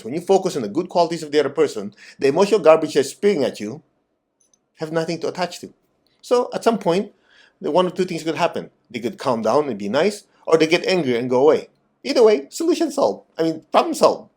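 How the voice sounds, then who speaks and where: A man giving a spiritual talk and guided meditation, direct and animated, asking his listeners teasing questions. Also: medium pitch. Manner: animated, acts out quoted voices. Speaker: meditation teacher.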